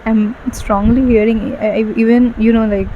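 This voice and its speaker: A woman's voice: a little high, level tone, moderate pace, narrow, tinny audio, slight background noise. A woman giving an emotional tarot reading, gushing and full of fillers, tearful at times. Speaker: tarot card reader. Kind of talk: casual tarot reading monologue.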